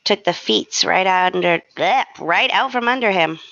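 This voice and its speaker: A woman's voice: medium pitch, creaky, a bit bright, dry recording, lo-fi sound. A woman co-hosting a podcast in casual chat, full of sassy quips and asides. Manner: sassy, quick quips and asides, lots of mm-hmms. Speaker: podcast co-host.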